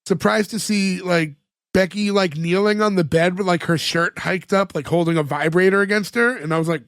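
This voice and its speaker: A man co-hosting a podcast, retelling sitcom scenes in casual chat, full of "like" fillers and quick laughs. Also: high voice, fairly bright tone, no room sound, studio quality. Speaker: podcast co-host.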